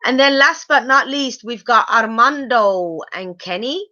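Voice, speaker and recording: A woman's voice: a little high, animated, measured pace, bright, forceful tone, no room sound, lo-fi sound. A woman giving a chatty live review of a reality show, exclaiming and asking her viewers questions. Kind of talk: live casual episode review.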